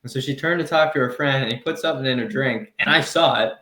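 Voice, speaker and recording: A man's voice: mid-range voice, fast talker. Heated man telling stories in an echoey room. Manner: heated, animated storytelling with laughs. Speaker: podcast co-host. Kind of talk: casual comedy podcast storytelling.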